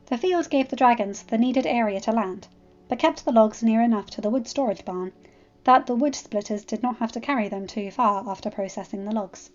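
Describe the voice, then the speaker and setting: A woman narrating a fan fiction story as a storybook reading, with expressive delivery. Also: a little high, fairly quick. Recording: slightly muffled, faint background music.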